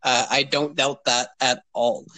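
A man's voice: mid-range voice, fairly even intonation, measured pace, pushed and bright, dry recording, poor audio. Rambling young man hosting a podcast. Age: 20s. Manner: rambling, filler-heavy, often asks "you know what I mean". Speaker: podcast host. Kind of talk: casual podcast chat.

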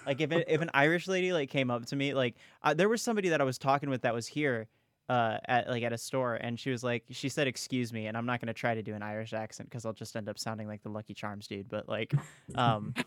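A man's voice: medium pitch, steady tone, fast talker, fairly bright tone, clean tone, dry recording, clean studio sound. A young man co-hosting a podcast, chatting casually and animatedly, swearing a lot and calling people bro and dude. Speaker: podcast co-host. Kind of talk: casual chat.

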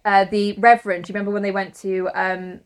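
A woman's voice: mid-range voice, flat delivery, quick pace, clear, resonant tone. A young woman co-hosting a casual book discussion, blunt and sweary, often laughing. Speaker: podcast co-host.

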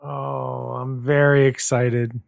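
A man's voice: mid-range voice, flat delivery, slow pace, vocal fry, dry recording, studio quality. A man co-hosting a podcast in casual chat, offhand and stumbling through restarts. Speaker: podcast co-host.

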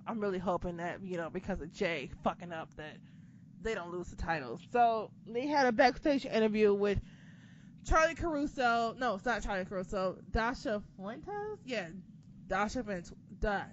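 A woman's voice: medium pitch, moderate pace. A woman co-hosting a podcast, chatting casually through a wrestling recap with sarcastic, profane asides. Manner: profane, sarcastic, animated retelling. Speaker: podcast co-host. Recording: dull lo-fi sound with background noise.

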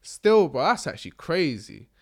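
A man's voice: a little high, big pitch swings, moderate pace. Slangy young man, rambling. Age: young adult. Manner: slangy, rambling, laughs often. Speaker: podcast host. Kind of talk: casual chat.

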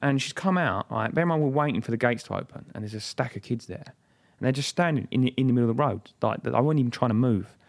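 A man's voice: mid-range voice, quick pace, vocal fry. A young man, chatting casually as a podcast co-host, rambling with stammers, restarts and plenty of swearing. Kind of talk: casual chat.

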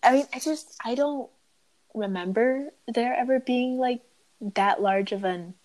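A young woman hosting a casual chat, laughing along and chiming in with quick asides. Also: on the high side, a little mellow, poor audio. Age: young adult. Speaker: host.

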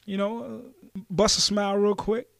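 A man's voice: high voice, normal speed, vocal fry, no room sound, clean studio sound. Rambling Brooklyn man reminiscing. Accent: New York, Brooklyn. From New York City. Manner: rambling, profane, animated slang. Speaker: podcast host. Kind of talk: casual storytelling monologue.

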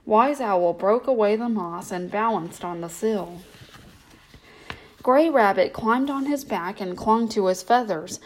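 A woman reading a children's bedtime story aloud in a gentle, steady way. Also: mid-range voice, a little slow, poor audio.

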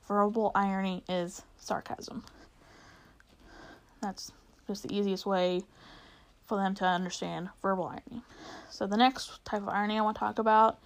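Teacher lady going over a book, chatty, lots of ums and restarts, mid pitch. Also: gravelly. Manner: conversational, many fillers and restarts. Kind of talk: literature lesson explaining a novel.

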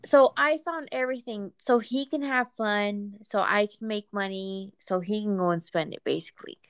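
A woman casually telling a personal story in a relaxed, chatty way, sometimes acting out what people said. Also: mid-range voice, normal speed, smooth. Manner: relaxed, chatty, acts out quoted voices.

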